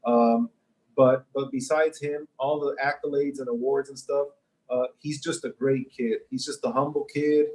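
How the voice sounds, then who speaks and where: A man, a high school football coach, chatting casually and rambling, speeding up when excited. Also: normal speed, low-quality recording. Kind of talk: casual chat.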